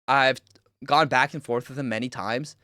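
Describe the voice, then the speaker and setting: A young man hosting a livestream, reacting to a video with loud, mocking, excitable commentary. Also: medium pitch, moderate pace, no room sound, studio quality. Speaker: streamer host.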